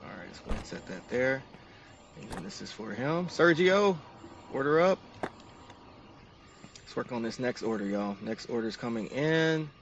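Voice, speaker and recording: A man's voice: medium pitch, expressive, a little fast, gravelly, recorded from a distance, lo-fi sound, slight background noise. A man narrating each step of a game to his stream chat in an upbeat, casual way.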